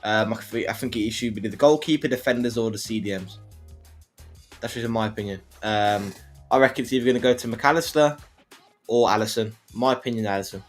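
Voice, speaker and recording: A man co-hosting a casual football livestream, giving his opinions in a halting way full of restarts. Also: lowish voice, faint music behind.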